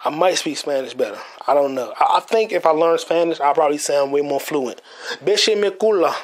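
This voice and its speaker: Young American man, solo podcast host, husky and fairly high, rambling profane jokes. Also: brisk. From United States. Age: 20s. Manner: stumbles over words. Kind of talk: casual solo monologue.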